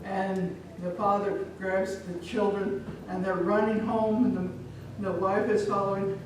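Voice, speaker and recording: Animated woman storyteller from Omaha. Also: mid-range voice, a little slow, noisy background. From Omaha, Nebraska. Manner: lively, animated, chatty asides to the audience. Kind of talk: live storytelling to an audience. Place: large event hall. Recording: echoey hall from far off.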